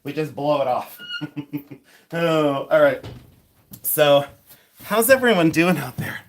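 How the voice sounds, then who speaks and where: A man's voice: a little high, expressive, slow pace. A man hosting a casual livestream from his home, chatty and scattered, with lots of fillers and apologies. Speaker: livestream host, reseller. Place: home, often moving around the house.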